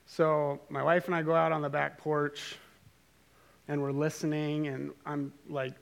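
Gravelly man telling a story. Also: a little high, a little slow. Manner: animated, self-amused, rambling. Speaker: speaker telling a story to a group. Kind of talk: casual storytelling.

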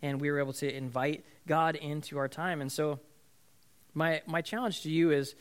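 A man's voice: a little high, steady tone, moderate pace, clear, resonant tone. A man in his thirties, a pastor, preaching in a conversational storytelling way and often asking his listeners "right?". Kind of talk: sermon.

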